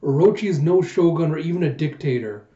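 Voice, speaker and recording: A man voicing a fierce, loyal female ninja with a forceful, scolding delivery, in a muffled echoey room recording. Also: on the high side, brisk, close to an everyday voice. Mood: indignant.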